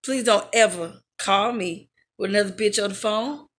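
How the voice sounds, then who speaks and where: A woman's voice: medium pitch, moderate pace, fairly bright tone. A woman vlogger telling a storytime rant in a sassy, blunt and profane way. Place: home in Las Vegas.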